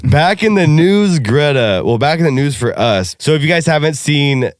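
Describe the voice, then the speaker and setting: A man's voice: on the high side, animated, normal speed, dry recording, clean studio sound. A man co-hosting a podcast in casual chat, brash and joking, swearing freely. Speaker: podcast co-host.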